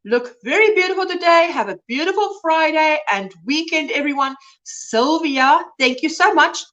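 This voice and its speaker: A woman's voice: sits high, animated, moderate pace, sharp tone, highs cut off. A woman hosting a casual livestream, chatting and greeting viewers by name with frequent exclamations. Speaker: livestream host. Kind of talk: casual chat reading comments.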